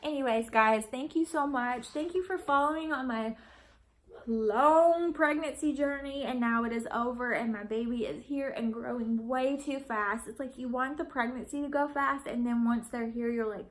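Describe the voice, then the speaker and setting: A woman's voice: on the high side, moderate pace, slight background noise, rough recording. A woman vlogging a casual update to her viewers, gushing and affectionate, with frequent ums. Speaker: vlogger and mother of a newborn.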